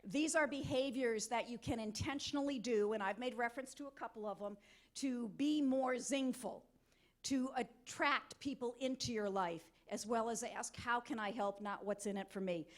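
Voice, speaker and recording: A middle-aged woman giving an energetic, interactive motivational talk at a conference, coaxing volunteers from the audience. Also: fairly high pitch, moderate pace. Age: middle-aged or older. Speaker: conference keynote speaker. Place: conference hall.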